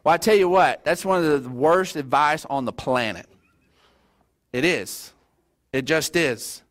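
A middle-aged man, preaching a sermon as a pastor, telling stories in a folksy, animated way with stammered restarts. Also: a little high, a little slow. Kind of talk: sermon with storytelling.

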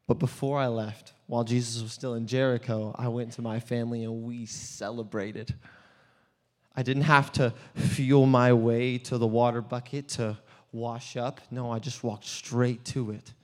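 An actor playing an earnest, desperate blind male beggar in a dramatic first-person monologue, swinging between hushed and loud storytelling. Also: mid-range voice, level tone, measured pace, close to an everyday voice. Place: church hall. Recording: long church hall reverb.

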